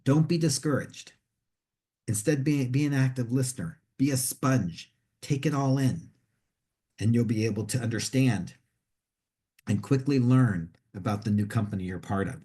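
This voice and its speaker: A man's voice: mid-range voice, normal speed, mellow, breathy edge. A man giving career advice to students in a conversational way, often restarting and repeating words as he explains. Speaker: career coach. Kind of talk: instructional talk to students.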